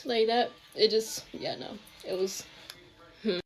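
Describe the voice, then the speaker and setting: Chatty young woman over soft music. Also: a little high, a little slow. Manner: chatty, trailing off. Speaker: TikTok storyteller. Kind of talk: casual story time.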